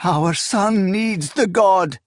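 A man voicing a desperate young woman, sobbing and shrieking her pleas in a high, strained voice, in an audiobook reading. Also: takes it slowly, no echo, clean studio sound. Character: young woman, desperate and grief-stricken wife.

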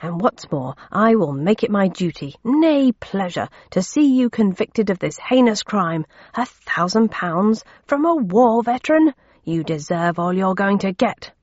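A woman's voice: mid-range voice, very animated, unhurried, a little mellow, no echo. A woman voicing a pompous, blustering male businessman in a storybook reading. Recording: dull lo-fi audio.

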